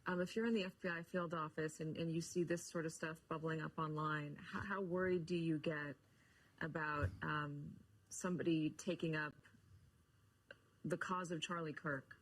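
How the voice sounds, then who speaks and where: A woman interviewing a guest on a news broadcast, asking her question in a measured, hesitant way. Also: sits low, fairly even intonation, poor audio.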